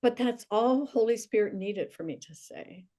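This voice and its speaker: An older woman, a guest, earnestly telling a personal faith story with soft, tearful pauses. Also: fairly high pitch, expressive. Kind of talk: emotional personal testimony.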